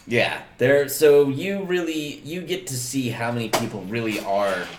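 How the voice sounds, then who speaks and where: A man's voice: medium pitch, lively intonation, measured pace, reverberant, music in the background. A man co-hosting a podcast, chatting casually and recapping scenes, swearing freely. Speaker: podcast co-host. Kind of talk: casual chat.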